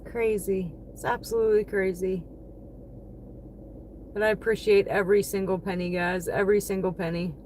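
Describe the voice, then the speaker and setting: A woman's voice: mid-range voice, steady tone, moderate pace, darkish tone, a little hiss or hum. A woman chatting casually on a livestream, thanking her viewers one by one by name. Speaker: livestreaming delivery driver.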